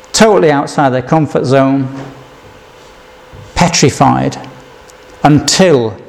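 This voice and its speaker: A man's voice: mid-range voice, a little mellow. A man preaching a sermon, reading scripture aloud and putting questions to his listeners.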